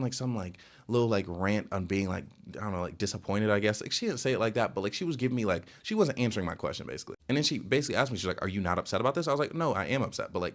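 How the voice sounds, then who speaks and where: A young man casually telling a storytime rant, rambling with lots of filler words and sudden jumps in pitch. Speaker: storytelling vlogger.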